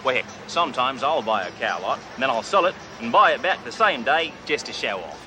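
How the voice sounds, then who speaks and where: An actor playing a brash cop who puts on a hammy fake Australian accent and boasts like a rich tycoon. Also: male voice, medium pitch, big pitch swings, brisk, noisy background, close to an everyday voice. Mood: boastful. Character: brash loud male cop posing as an Aussie tycoon.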